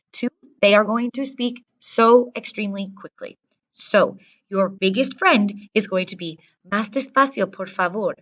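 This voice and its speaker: A woman's voice: mid-range voice, fairly bright tone. A woman from the Midwest, a Spanish teacher briefing her students in a direct, instructive way and often checking in with them. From American Midwest. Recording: voice from a distance from the mic.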